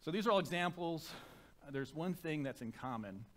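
A man preaching a sermon to a church congregation through a microphone, conversational and self-deprecating, turning soft and reverent in prayer. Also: fairly high pitch, expressive, normal speed. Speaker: pastor. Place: church sanctuary.

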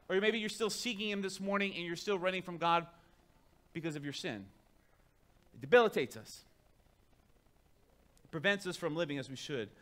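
High, bright-voiced preacher man. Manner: conversational, asks the congregation questions. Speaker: pastor. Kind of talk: sermon.

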